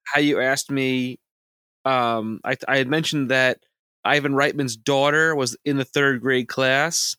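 Bright, dry-sounding man chatting trivia. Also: medium pitch, steady tone, unhurried, smooth, no echo. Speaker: podcast co-host. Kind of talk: casual movie chat.

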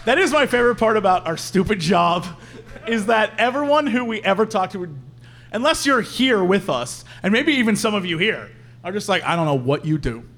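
A man co-hosting a live podcast, riffing in an animated, jokey, exaggerated way. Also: sits high, moderate pace. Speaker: podcast co-host. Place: live venue stage.

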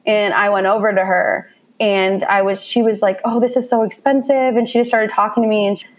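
A woman's voice: mid-range voice, a little fast, rough recording. A woman in her thirties from Indiana, a mother of a child with special needs, telling a personal story in a heartfelt conversational way. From Indiana, USA. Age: 30s. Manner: heartfelt, animated when quoting herself.

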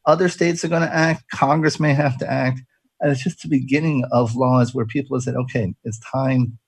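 A man's voice: mid-range voice, fairly even intonation, a little fast, vocal fry, slightly rough, dry recording. A man hosting a casual radio talk show, chatty and jokey, rambling with restarts.

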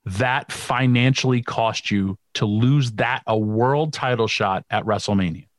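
A man hosting a podcast, relaxed and chatty, full of fillers as he talks about his own wrestling days. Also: medium pitch, a little slow, no room sound, studio quality. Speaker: podcast host, former wrestler. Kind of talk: casual chat.

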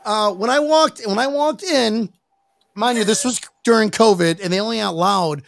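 A man's voice: high-pitched, moderate pace, creaky. A man hosting a podcast, telling a rambling story with plenty of swearing and restarts after he has been drinking. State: tipsy from drinking. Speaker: podcast host. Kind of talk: casual chat.

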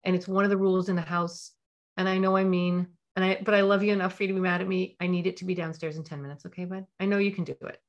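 Woman as a mom setting a phone rule for her teen, steady and caring, middle pitch. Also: quick pace, hardly any pauses, lo-fi sound. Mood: calm. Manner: firm, then calm and soothing.

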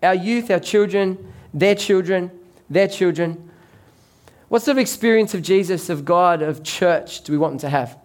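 High-voiced man preaching a sermon. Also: moderate pace. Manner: conversational, jokes with congregation. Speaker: pastor.

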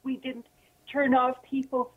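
A woman's voice: high-pitched, monotone, unhurried, breathy edge. An upset woman calling in to a radio talk show, trembling and close to tears as she speaks with indignant passion. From Ontario. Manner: impassioned, indignant. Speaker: caller. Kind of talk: call-in radio. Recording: phone line.

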